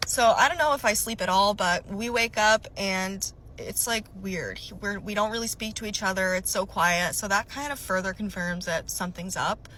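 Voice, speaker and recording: Bright-voiced young woman telling a story. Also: medium pitch, normal speed, hardly any pauses, slight background noise, rough recording. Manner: animated, chatty, lots of "like" fillers. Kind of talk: storytime vlog, casual recounting.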